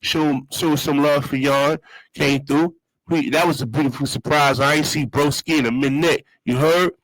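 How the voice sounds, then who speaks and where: Man, casual monologue, street slang, repeats himself, somewhat high voice. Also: fairly even intonation, moderate pace, a bit bright, no echo, poor audio. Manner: streetwise slang, repeats phrases, loose storytelling. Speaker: show host.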